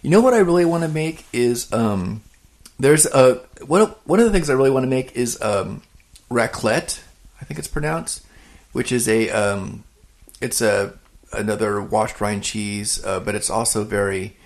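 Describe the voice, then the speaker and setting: A man with a gravelly voice chats casually on a cheesemaking podcast. His talk is halting and full of restarts. He laughs easily. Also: medium pitch. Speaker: podcast co-host, home cheesemaker. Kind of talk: casual chat.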